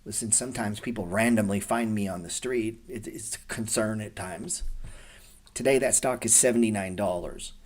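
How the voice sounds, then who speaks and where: A man's voice: on the low side, normal speed, a little mellow. A man in his forties hosting a trading show, talking casually to viewers and telling stories in a laid-back, swearing manner.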